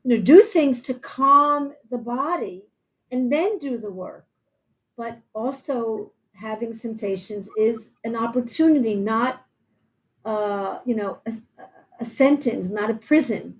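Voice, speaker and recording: Woman hosting a live show, calm and encouraging, kinda high voice, restarts a lot. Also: takes it slowly, low-quality recording. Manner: encouraging, reassuring, thinks aloud with restarts. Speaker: podcast host. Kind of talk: live-streamed interview.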